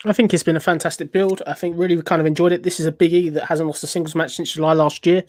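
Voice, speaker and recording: A man giving his take in a casual podcast chat, quick with hesitant uhs. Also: fairly high pitch, level tone, a little mellow, dry recording.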